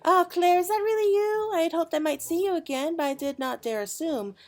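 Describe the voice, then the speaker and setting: A woman voicing a gentle, dreamy woman seer from a fantasy game, reading the lines in a lilting, earnest way. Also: extremely high pitch, brisk, pitched above the performer's own voice.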